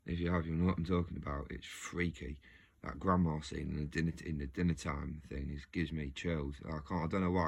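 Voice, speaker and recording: A man with a gravelly, slightly rough bass voice muses casually to his video audience. As host, he rambles, interrupts himself and keeps restarting sentences, staying animated and laughing often.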